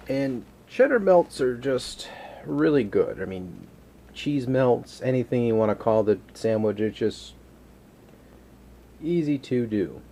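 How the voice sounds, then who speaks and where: A man's voice: on the low side, mellow, a little hiss or hum. A man hosting a casual home cooking vlog from his kitchen, rambling and joking as he cooks and chats to his dog.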